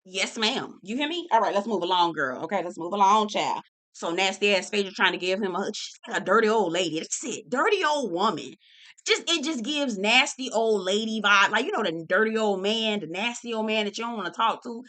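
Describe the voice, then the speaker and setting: A woman reviewing a reality show in a casual vlog, talking in a sassy, blunt and profane way. Her voice is bright and sharp-edged, and she tosses "girl" into nearly every line. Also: mid-range voice, lively intonation, a little fast.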